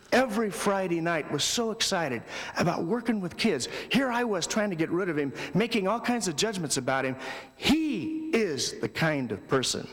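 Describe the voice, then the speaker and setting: Animated man speaking in a reverberant hall. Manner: animated storytelling with loud bursts and quiet lows. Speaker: speaker at a youth ministry convention. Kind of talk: conversational keynote talk. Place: large hall before an audience.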